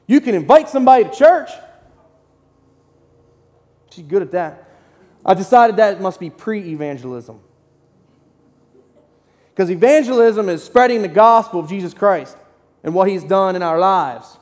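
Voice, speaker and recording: A man giving an excited, conversational sermon in short punchy phrases as a lay preacher in a church. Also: sits high, a little slow, pauses often. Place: church sanctuary. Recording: long hall reverb.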